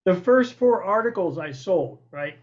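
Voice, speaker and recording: A middle-aged man hosting an interview, telling stories in a lively, profane, colloquial way. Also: high voice, a little slow, highs cut off. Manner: animated, profane, colloquial storyteller. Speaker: podcast host. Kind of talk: storytelling interview chat.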